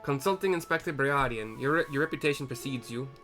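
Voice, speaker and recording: A man's voice: medium pitch, fast, sharp tone, soft background music, pitched above the performer's own voice, lightly acted. A man voicing a pompous, wealthy small merchant with a loose put-on Irish accent, haughty and dismissive, read aloud during a game cutscene. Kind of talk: game cutscene voice acting by a narrator.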